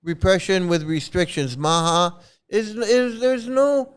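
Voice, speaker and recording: A man talks through a casual commentary rant, blunt, exasperated and a little profane, circling back to the same points. His voice rings very smooth and resonant, sitting fairly high for a man. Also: slow pace. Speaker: commentary channel host.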